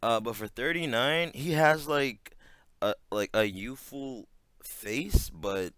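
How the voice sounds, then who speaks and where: A man riffs through a casual reaction commentary, full of fillers, swear words and sudden loud outbursts. His voice is smooth and crisp. It is recorded close and dry, with no room sound. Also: medium pitch, slow, no room sound.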